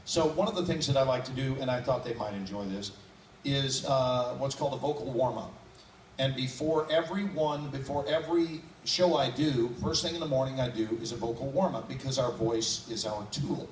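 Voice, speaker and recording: A man's voice: mid-range voice, moderate pace. A man speaking as a guest actor on a convention panel, joking playfully with the audience. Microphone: phone recording from the audience. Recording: echoey room, distant phone mic, noisy.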